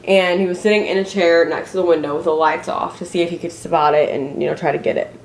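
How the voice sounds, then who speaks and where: Speaking fast with a lowish voice and fairly even intonation, a young Indiana woman chats casually to the camera at home. This family vlogger's story is full of fillers and restarts, recorded in an echoey room with faint noise.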